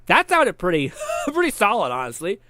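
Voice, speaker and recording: A man's voice: high voice, wildly swooping pitch, normal speed, sharp tone, no room sound. Giggly male streamer thinking aloud. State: sweaty and tired after a long stream. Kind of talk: casual live-stream chat.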